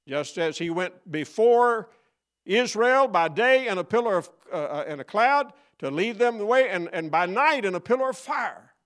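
A man preaching a sermon in a church, dramatic, dropping to a hush and then rising loud, acting out mocking voices. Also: sits high, lively intonation, normal speed. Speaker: guest preacher. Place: church sanctuary.

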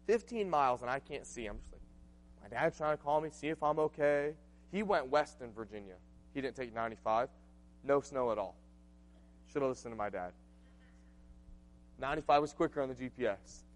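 A man's voice: mid-range voice, animated, a little fast, pauses often. A man in his late twenties preaching a sermon, earnest and conversational, telling a personal story with frequent asides. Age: 20s. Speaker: pastor.

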